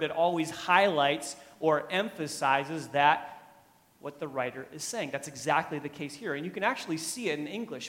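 A man preaching a sermon as pastor, emphatic, swinging from quiet asides to loud, pressing points. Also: on the high side, long reverb tail.

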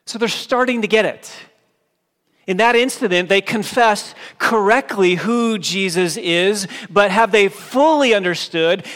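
Male pastor, sermon delivery, emphatic, somewhat high voice, long reverb of a church hall. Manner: emphatic preaching, dropping low and soft for quoted scripture.

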